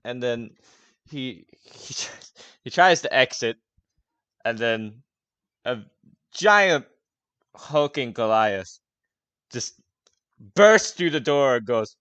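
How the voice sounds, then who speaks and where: A man running a tabletop game in a loose, halting, casual way, full of fillers and swearing. His voice sits at an ordinary middle pitch and is recorded close and dry with no room sound. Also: lively intonation, a bit bright, smooth, dry recording. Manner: casual, hesitant, swears often, laughs. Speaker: game master.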